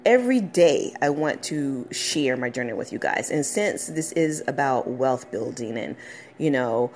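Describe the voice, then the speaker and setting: A woman's voice: a bass voice, animated, a little slow, a little mellow, slight background noise. A woman hosting her own podcast, talking casually, emotional and encouraging, rambling a bit as she goes. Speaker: podcast host. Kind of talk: casual motivational podcast talk. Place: at her workplace, a dog barking nearby.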